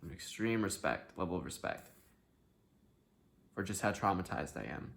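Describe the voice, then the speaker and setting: A man hosting a self-help video, talking candidly to the camera, swinging between hushed sincerity and loud, emphatic outbursts and swearing freely. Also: sits low, very animated, moderate pace, gravelly.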